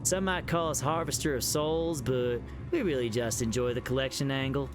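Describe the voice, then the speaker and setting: A man voicing a creepy plant monster that speaks in a put-on Southern US drawl, slow and fumbling. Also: mid-range voice, music in the background, voice pushed down, close to an everyday voice.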